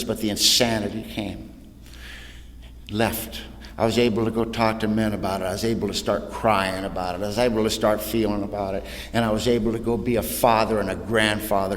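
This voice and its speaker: An older man giving a humorous personal testimony at a recovery meeting, blunt and plain-spoken, dropping "man" and "you know" as he goes. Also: on the low side. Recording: echoey hall with long reverb.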